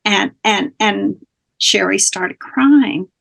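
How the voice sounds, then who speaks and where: A woman's voice: mid-range voice, takes it slowly, vocal fry, a bit bright. A woman guest, a spiritual teacher, earnestly telling a personal story in conversation, with small restarts.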